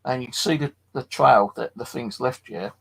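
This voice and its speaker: A tired man streaming late at night from his flat, telling a rambling, sweary story and chatting to viewers. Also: mid-range voice, normal speed, vocal fry, low-quality recording. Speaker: paranormal live streamer. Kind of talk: casual late-night live stream chat.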